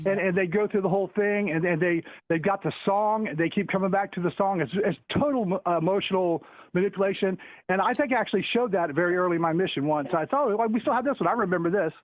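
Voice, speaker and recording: A man's voice: high voice, fast talker, no room sound. A man calling in to a talk show, rambling casually with lots of stumbling restarts and jokes. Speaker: caller. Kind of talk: casual call-in chat. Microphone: phone call. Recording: tinny phone line, dry.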